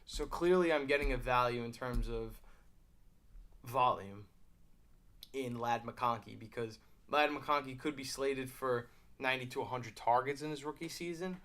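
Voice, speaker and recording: A man hosting casual fantasy football commentary, thinking aloud with fillers and quick asides while drafting at his computer. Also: medium pitch, a bit bright. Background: mouse clicking.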